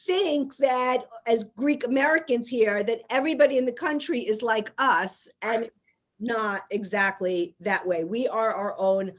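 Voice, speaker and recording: New yorker lady hosting a chat, kinda high voice, rambly and laughy. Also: a little slow. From New York. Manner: chatty, rambling, laughs often. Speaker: podcast host. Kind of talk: casual interview chat.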